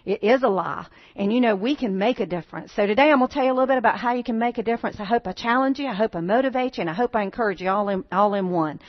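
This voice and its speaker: A woman's voice: mid-range voice, very fast, hardly any pauses, no echo, dull audio. A woman speaking to a church congregation, earnest and folksy, rallying her listeners with questions and appeals. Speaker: pregnancy center speaker at a church. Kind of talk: church talk with slides. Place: church sanctuary.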